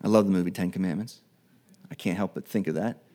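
A man preaching a sermon in a conversational way, acting out Bible dialogue in quick everyday voices. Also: low voice, mellow. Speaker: pastor.

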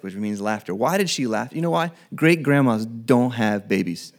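A man preaching a sermon in a conversational way, acting out Bible dialogue in quick everyday voices. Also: mid-range voice, expressive. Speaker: pastor.

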